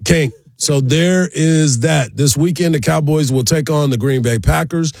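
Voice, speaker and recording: A man's voice: on the high side, unhurried, gravelly, a little mellow, no echo. Upbeat male sports radio host. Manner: upbeat, rattles off stats and promos. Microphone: studio microphone.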